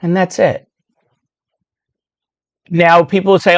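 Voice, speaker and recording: A woman in her sixties with a low voice register, telling a personal story in a loose, chatty way full of asides. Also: expressive, unhurried, no room sound, highs cut off. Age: 60s. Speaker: speaker sharing a personal story. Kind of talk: casual storytelling monologue.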